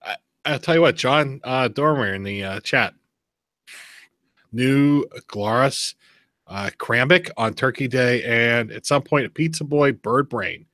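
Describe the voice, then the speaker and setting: A bright, forceful male voice in casual podcast chat. He tells stories with animated energy and laughs easily. The sound is dry and close. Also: medium pitch, no room sound. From Pennsylvania. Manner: animated storyteller, quick laughs. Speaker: podcast host.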